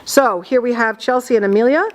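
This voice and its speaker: Woman teacher in an echoing classroom. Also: fairly high pitch. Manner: slow, deliberate, explanatory. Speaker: drama teacher. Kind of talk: classroom instruction. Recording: long reverb in a classroom.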